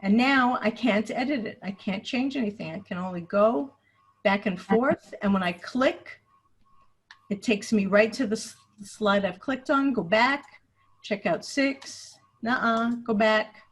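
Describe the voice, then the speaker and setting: A woman's voice: a little high, a little slow, husky. A woman leading a video-call webinar, explaining a computer task step by step and thinking aloud as she goes. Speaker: teacher trainer leading a webinar. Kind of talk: screen-share tutorial. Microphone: computer mic on a video call.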